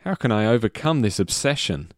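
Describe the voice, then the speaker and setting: A man hosting a casual comedy podcast, jokey and quick to laugh. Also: on the low side, no echo, clean studio sound. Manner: jokey, laughs often, lively delivery. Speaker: podcast host. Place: small studio.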